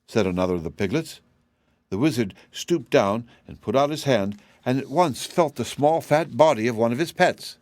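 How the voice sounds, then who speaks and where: A man narrating a classic children's novel as an audiobook in a steady, plain storytelling manner. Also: mid-range voice, moderate pace, no echo, studio quality.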